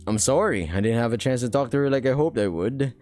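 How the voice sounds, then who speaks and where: A thoughtful, awkward robot woman, as a man reading a game puts her on, apologetic and stumbling over her words in a mid-pitched voice. Faint music sits behind. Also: expressive, quick pace, a little mellow, close to an everyday voice. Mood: hesitant. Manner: hesitant, apologetic. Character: hesitant female synthetic robot, awkward and thoughtful.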